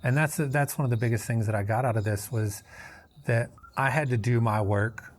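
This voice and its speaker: A man's voice: mid-range voice, moderate pace. A man in his thirties, a guest on a recovery interview, telling his story candidly in an earnest, rambling way, restarting phrases and acting out what others said.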